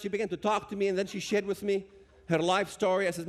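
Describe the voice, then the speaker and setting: A man's voice: sits high, level tone, fast. A man with a Palestinian Arabic accent giving an impassioned talk, addressing the audience directly and emphatically. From Palestinian territories.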